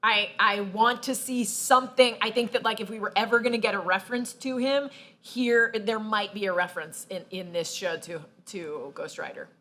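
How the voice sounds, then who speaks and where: A woman co-hosting a casual chat show, playful and quick to chime in. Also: mid-range voice, steady tone, fairly bright tone. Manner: playful, frequent back-channel agreement. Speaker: podcast co-host.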